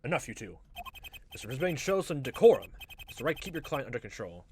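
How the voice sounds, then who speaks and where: A man voicing a stern older male judge in a game playthrough, speaking in formal, measured courtroom phrasing. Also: medium pitch, big pitch swings, background noise, close to an everyday voice. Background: background music.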